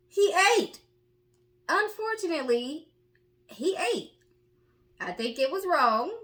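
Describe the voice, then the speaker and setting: A woman's voice: a little high, a bit bright. A woman hosting a commentary channel, reacting to a clip with blunt, teasing remarks.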